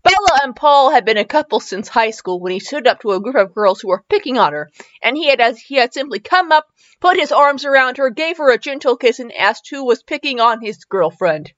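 Giggly, high-voiced woman podcast host. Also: lively intonation, fairly quick, fairly bright tone, no room sound, dull audio. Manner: giggly, rambling, self-mocking asides. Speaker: podcast host reading fanfiction. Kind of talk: comedic commentary and story reading.

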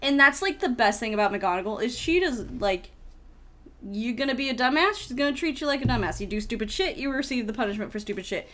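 A chatty woman with a slightly high voice, talking casually on a podcast. She fills her sentences with "like" and swears freely as she makes her case about the story. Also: expressive, fast talker, fairly bright tone. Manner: chatty, profane, many "like" fillers. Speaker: podcast co-host. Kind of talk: casual film discussion.

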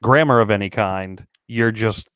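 A man co-hosting a podcast in casual banter, with wry, deadpan humor, steering the talk. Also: fairly low pitch, a little slow, smooth, no room sound, clean studio sound. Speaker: podcast co-host.

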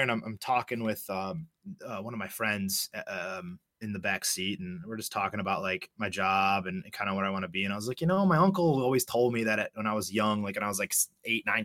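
A man's voice: on the low side, dry recording, studio quality. A young man casually telling a story, swearing often and acting out both sides of a conversation. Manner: profane, animated storyteller, acts out dialogue.

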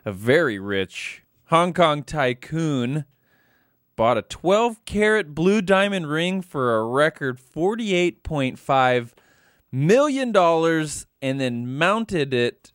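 A man's voice: on the high side, sing-song, slow pace, clean tone, dry recording. A man co-hosting a radio show, answering in a dry, wry way. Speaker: radio co-host. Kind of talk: casual on-air banter. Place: radio studio.

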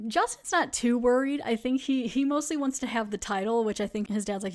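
A woman's voice: on the high side, brisk, few pauses. A woman hosting a podcast, recapping an episode in a chatty way, laughing often. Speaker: podcast host.

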